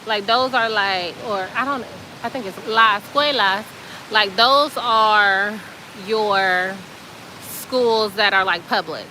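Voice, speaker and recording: A woman host telling a story in a casual, chatty way, animated and colloquial with plenty of fillers. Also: medium pitch, takes it slowly, slight background noise, rough recording.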